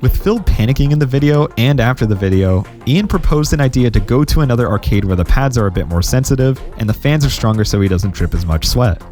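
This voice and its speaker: Steady male video essay narrator. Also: mid-range voice, fast, hardly any pauses, soft background music. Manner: steady, explanatory. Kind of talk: scripted narration.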